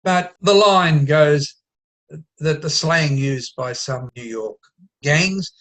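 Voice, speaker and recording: Slightly high-voiced man teaching writing. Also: slow pace, fairly bright tone. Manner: explanatory, with mock overheard chatter. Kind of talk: online writing lesson.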